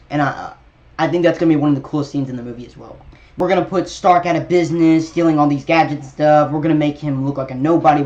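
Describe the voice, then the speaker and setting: A young man chats his way through a trailer breakdown for his channel, stumbling and restarting as he goes. His voice sits a little high. The recording is muffled and lo-fi. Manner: rambling, many fillers and restarts. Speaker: YouTube trailer reviewer.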